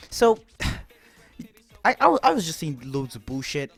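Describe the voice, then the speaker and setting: A young man telling a rambling, animated story to camera, swearing often. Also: a little high, moderate pace, faint music behind. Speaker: vlogger.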